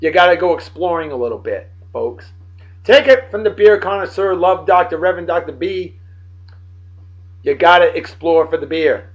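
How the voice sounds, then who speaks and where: A man's voice: on the high side, animated, moderate pace, dull audio. A man in his late thirties from Martha's Vineyard, hosting a casual beer-tasting vlog in a boisterous, jokey, self-hyping way. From Martha's Vineyard, Massachusetts. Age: late 30s. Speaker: host of a beer-of-the-day show.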